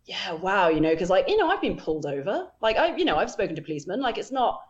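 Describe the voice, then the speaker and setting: A young woman co-hosting a casual chat, telling a story in a lively way with lots of fillers and quotes of herself. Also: mid-range voice, fast, highs cut off. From England. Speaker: podcast co-host.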